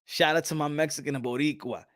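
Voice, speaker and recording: A man hosts a boxing talk stream in loose, animated chat. He laughs often and drifts in and out of Spanish. His voice sits high and bright, with a forceful edge. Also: fast talker, no echo, clean studio sound. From New York City. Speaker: boxing channel host. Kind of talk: casual live-stream chat.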